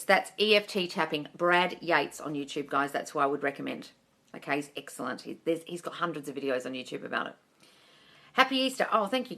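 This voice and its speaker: On a phone livestream, a manifesting coach takes live questions in a casual, chatty, reassuring way. Her voice is on the low side, bright and forceful, and she calls viewers darling and swears now and then.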